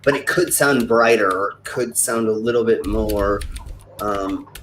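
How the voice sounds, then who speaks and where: A man chatting casually on a podcast, explaining things in a relaxed way with pauses for "um". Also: lowish voice, roomy sound, slight background noise. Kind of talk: casual chat.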